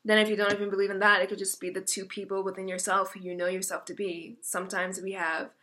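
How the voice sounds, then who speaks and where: Young woman, tarot reading, bright voice, chatty, emotional, self-interrupting, casual. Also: medium pitch, little pitch movement, fast talker, a little hiss or hum. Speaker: tarot reader.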